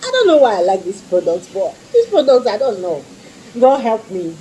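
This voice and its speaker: A woman talks casually about skincare products she loves. Her voice is mellow and warm, and she gushes, breaking again and again into fond exclamations and pleas. Faint noise sits under the recording. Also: mid-range voice, wildly swooping pitch, normal speed, poor audio. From Nigeria. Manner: gushing, repeats exclamations and pleas. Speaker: skincare vlogger.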